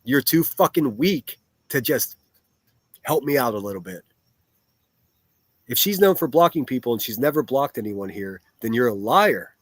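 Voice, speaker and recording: A man's voice: mid-range voice, animated, moderate pace, long pauses, no echo. Blunt, profane man streaming to chat. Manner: blunt, profane, rambling with restarts. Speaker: livestreamer reading chat. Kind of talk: live-stream chat commentary.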